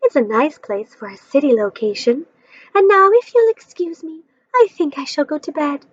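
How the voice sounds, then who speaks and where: A woman voicing a gentle little female songbird from a storybook, soft, musical and slow-spoken. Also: high-pitched, sing-song, no echo, muffled recording, pitched above the performer's own voice. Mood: gracious. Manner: slow and polite.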